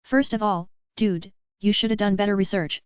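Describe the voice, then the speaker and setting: Female narrator plays a cocky, slang-heavy young receptionist who teases everyone; crisp, dry read. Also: mid-range voice, fairly even intonation, normal speed, no echo, natural voice. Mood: teasing. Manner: laid-back street slang, teasing. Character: brash slangy young woman inn receptionist. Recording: dry, slightly dull lo-fi.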